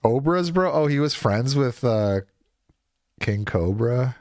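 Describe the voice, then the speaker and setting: Male streamer host, unhurried mocking delivery, close and dry. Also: mid-range voice, lively intonation, darkish tone, no room sound. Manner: mocking, chuckling asides. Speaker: commentary streamer. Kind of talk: casual reaction commentary.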